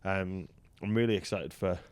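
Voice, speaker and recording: A man's voice: sits low, normal speed, a little mellow, clear, resonant tone, no echo. A man hosting a podcast in casual chat, joking and swearing loosely as he talks. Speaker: podcast host. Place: hotel in Las Vegas.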